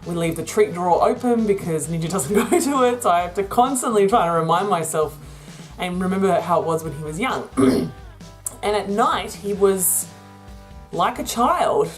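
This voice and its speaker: A woman's voice: medium pitch, animated, normal speed, faint music behind. A woman talking through a rambling, casual vlog about her business, laughing often. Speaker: vlogger and virtual assistant business owner.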